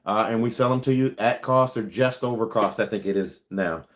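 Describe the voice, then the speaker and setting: A man's voice: fairly low pitch, moderate pace. A man, a car salesman, chatting casually on a livestream, answering viewer questions in a rambling, frank way with many ums and uhs. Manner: frank, advice-giving.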